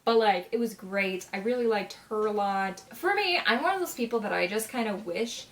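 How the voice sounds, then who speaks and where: A nineteen-year-old woman chats through a movie review like she's talking to a friend. Her voice sits at a middling pitch, peppered with filler words and quick asides. She gushes, and every so often she bursts into a loud, high exclamation. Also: lively intonation. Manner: chatty, gushing, full of "like" and "you know what I mean". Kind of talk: casual vlog review.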